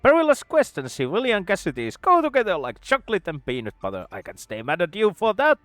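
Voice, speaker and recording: A man's voice: high voice, wildly swooping pitch, a little fast, a bit bright, no room sound, voice pushed up, exaggerated voice. A man voicing a wild, grandiose young lab scientist who rants theatrically while reading a video game aloud. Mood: eager, grandiose.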